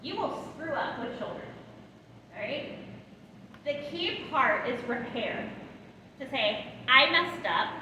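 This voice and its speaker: An animated woman in her thirties leads a parenting training, with a high voice that keeps checking in with her listeners. She is picked up from a distance in a big, reverberant hall. A steady background noise sits under her voice. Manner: animated, checks in with the audience often. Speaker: parenting educator. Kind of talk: live training talk to caregivers.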